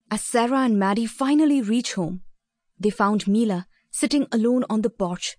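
A woman reads a scripted children's audio story aloud in a steady, expressive way. Her voice sits fairly high, and the recording is dry and close. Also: normal speed, dry recording. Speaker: narrator.

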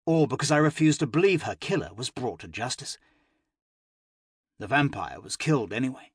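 A man narrating a first-person fantasy audiobook with expressive, emotional delivery. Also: medium pitch, normal speed, slightly rough, no room sound, clean studio sound.

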